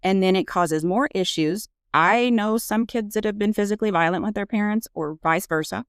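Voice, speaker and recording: A woman's voice: medium pitch, normal speed, smooth, dry recording, clean studio sound. A woman nurse practitioner and parent talking candidly in a casual podcast conversation, with frequent fillers. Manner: earnest, candid, frequent "you know" fillers.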